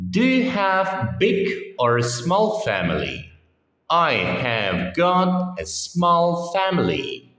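A male English teacher drills short phrases very slowly, letting each one ring out in an echoey room with a long tail of reverb. His pitch swings widely from phrase to phrase, as if modelling intonation for learners. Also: a bit bright. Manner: reads each phrase on its own with pauses, often repeating it. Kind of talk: slow phrase-by-phrase lesson reading.

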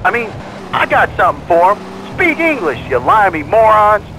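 A loudmouthed, boorish radio caller who rants with scorn and keeps tacking "man" onto every line. His voice sits high and swoops up and down a lot. It comes through as radio audio with clear street noise under it. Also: very animated, normal speed, heavily acted, low-quality recording. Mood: scornful rant. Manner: ranting, says "man" constantly. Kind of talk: talk radio call-in rant.

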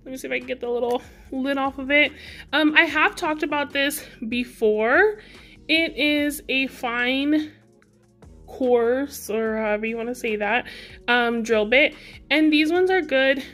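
A woman's voice: high voice, unhurried, fairly bright tone, faint music behind. A young woman chatting casually to her viewers in a nail product haul, talkative and friendly with a giggly manner. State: out of breath. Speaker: beauty vlogger.

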